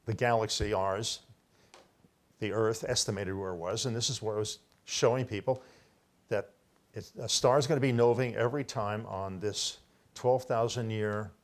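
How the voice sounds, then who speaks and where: Older man lecturing insistently. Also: on the low side. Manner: rambling, self-correcting, insistent about being first. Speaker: author presenting his own research. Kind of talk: solo lecture to camera, showing book pages.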